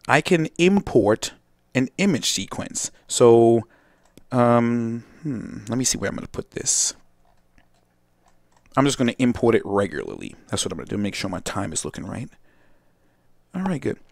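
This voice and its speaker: A young man from Brooklyn, hosting a casual software tutorial, rambling and digressing, often restarting sentences and talking straight to viewers. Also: medium pitch, very animated, moderate pace, gravelly, long pauses, dry recording, studio quality. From Brooklyn, New York. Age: young adult. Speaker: host and video editing tutor.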